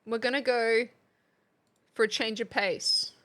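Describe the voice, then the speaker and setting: A woman's voice: a little high, fairly even intonation, measured pace, a bit bright. An Australian woman streamer giving a casual history lesson, chatty and playful and often laughing.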